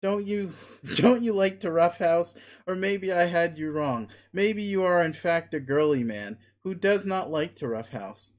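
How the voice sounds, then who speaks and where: A man's voice: high-pitched, unhurried. A man reading as a pushy, sneering young alien. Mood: domineering. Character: arrogant crude young male alien, bossy and vicious. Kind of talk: reading a webcomic aloud.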